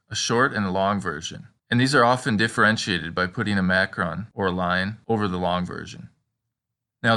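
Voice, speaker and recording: A man teaching in a measured instructional voice, slowly modeling example words. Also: fairly low pitch, pushed and bright. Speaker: language teacher. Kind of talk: instructional narration.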